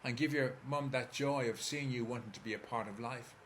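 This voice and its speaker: An Irish man, a therapist, calmly guiding the listener step by step through a visualization. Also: mid-range voice, a little fast, slight background noise. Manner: calm, steady, coaching listener step by step. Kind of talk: guided visualization talk.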